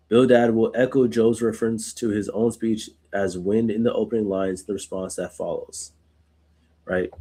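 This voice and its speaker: This Bible study host has a husky, slightly mellow voice on the low side. He reads passages aloud and offers relaxed commentary, regularly tossing in "right?"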